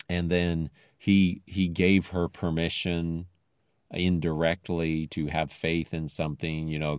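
A man's voice: rumbling low, darkish tone, dry recording. A man casually retelling a television episode in a rambling, thoughtful way with many fillers.

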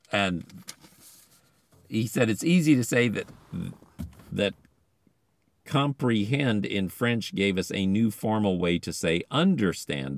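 A man's voice: deep voice, dry recording. A man hosting a show, reading an article aloud from his car and breaking in with chatty, enthusiastic asides. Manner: chatty, enthusiastic commentary between quoted passages. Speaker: podcast host.

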